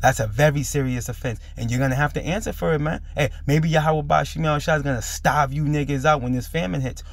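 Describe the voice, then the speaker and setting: A man with a voice on the high side speaks fast with vocal fry in a dry recording. Hosting a religious commentary on a preaching video, he sounds slightly under the weather, is emphatic, and keeps ending lines with "man."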